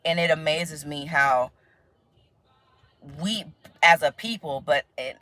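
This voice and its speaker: A low-voiced American woman talks slowly and casually to the camera in her vlog. Chatty and prone to laughter, she does animated voices for the people she quotes. There's no echo.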